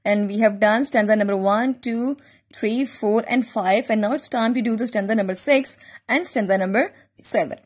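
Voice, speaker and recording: A woman teacher giving a recorded lesson, explaining a poem slowly, repeating words and asking simple questions. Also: a little high.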